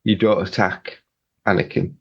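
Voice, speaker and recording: A man's voice: low voice, little pitch movement, moderate pace, breathy edge. A man co-hosting a podcast in casual chat, rambling and restarting his sentences often. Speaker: podcast co-host. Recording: dull lo-fi mic.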